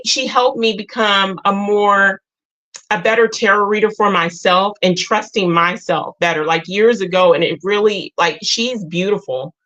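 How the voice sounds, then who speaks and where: A woman hosting a live group talk, sharing her own story in a halting, emotional way and often repeating or restarting her words. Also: mid-range voice, a bit bright, dull audio. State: tearful at times. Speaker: host.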